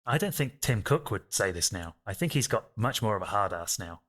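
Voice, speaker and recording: A man's voice: on the low side, expressive, a little fast, fairly bright tone. A man co-hosting a casual podcast, often restarting his sentences as he works out his point. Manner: hesitant, restarts mid-thought. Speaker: podcast co-host.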